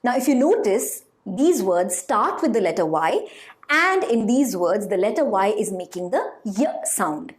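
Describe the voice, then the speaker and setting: A woman teaching a phonics lesson to children, slowly sounding out example words and asking questions. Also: medium pitch. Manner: slow, lively, sounding out words.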